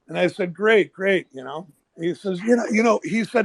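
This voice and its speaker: Gravelly high-voiced man telling stories. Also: moderate pace, no echo. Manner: animated, swearing, acts out quoted people. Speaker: former pit trader. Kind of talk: casual storytelling. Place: online audio room.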